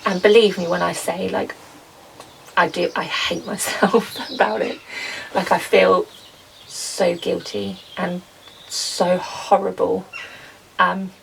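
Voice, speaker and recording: Young female garden vlogger, very gravelly low-fry voice, a bit off-mic, faint room noise, chatty and rambling. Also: little pitch movement, takes it slowly, pauses often, distant mic, poor audio. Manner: chatty, rambling, lots of ums and soft laughs. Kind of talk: casual chat to camera. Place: garden potting shed.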